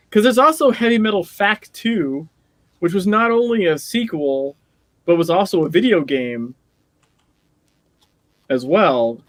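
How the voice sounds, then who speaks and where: A man's voice: on the high side, no echo. A man co-hosting a podcast, chatting casually and rambling with frequent laughs. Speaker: podcast co-host. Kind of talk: casual chat.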